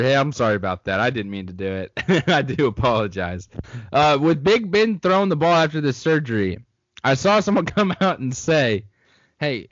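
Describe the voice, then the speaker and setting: Medium in pitch and a bit bright, this young co-host's voice is recorded without echo and with the top end cut off. On the casual sports podcast he rambles and jokes in a laid-back way while offering his takes.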